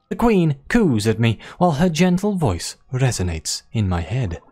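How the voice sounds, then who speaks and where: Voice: mid-range voice, big pitch swings, normal speed, few pauses, mellow, faint music behind. A let's play host chatting casually while playing and reading the game's story text aloud. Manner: chatty, musing, reads narration aloud.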